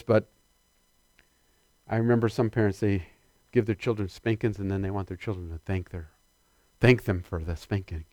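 Animated man preaching a sermon. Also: mid-range voice, no room sound, clean studio sound. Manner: animated, calls out to the congregation.

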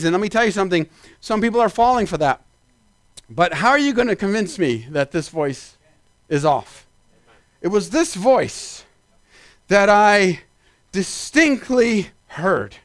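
A man preaching a sermon as pastor, climbing into shouted peaks and then dropping into quick asides. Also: high-pitched, no echo.

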